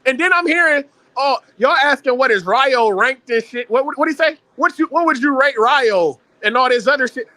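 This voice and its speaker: A man with a strikingly high, bright, ringing voice rants in heated panel talk, swearing constantly and hammering every point with emphasis. His voice sits close and dry on the mic. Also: animated, normal speed, few pauses, no echo. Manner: profane, ranting, emphatic.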